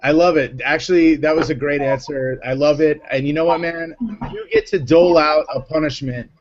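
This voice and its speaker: A man's voice: fairly high pitch, steady tone, normal speed, highs cut off. A man hosting a casual live panel chat, joking and rambling. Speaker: host.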